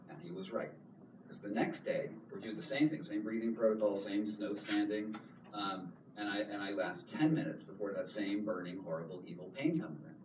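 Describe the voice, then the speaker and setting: Male author, thirties, fairly low voice, animated storyteller with lots of restarts and laughs; recorded from a distance in a roomy hall. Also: moderate pace. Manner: animated, repeats words, laughs often. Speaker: author giving a talk. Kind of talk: storytelling public talk. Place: public hall. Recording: echoey hall, distant mic, noise.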